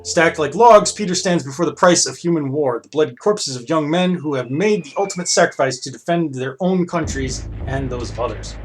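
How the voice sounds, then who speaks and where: A man's voice: on the high side, expressive, fairly quick, few pauses, a little hiss or hum. A man hosting a let's play, reading game text aloud and making wry, joking asides. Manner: wry, joking asides between read-outs. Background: game music.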